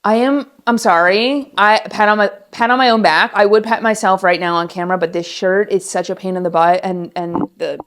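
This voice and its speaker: A woman in her late twenties hosting her own podcast from home, chatting in a rambling, animated, casual way. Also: medium pitch, brisk, few pauses. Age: late 20s. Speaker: podcast host. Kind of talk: casual solo podcast chat. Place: room at home. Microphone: set-up podcast mic at home.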